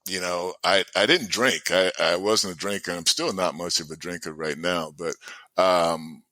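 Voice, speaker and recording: A man in his sixties telling stories as a guest in a casual chat, animated and often laughing. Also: deep voice, normal speed, no echo. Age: 60s. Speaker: guest, former baseball player.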